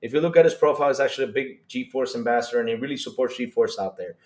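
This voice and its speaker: A man hosting a live stream, reading chat aloud and reacting with excitable disbelief and frequent laughter. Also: mid-range voice. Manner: excitable, incredulous, laughing, rapid swings in loudness.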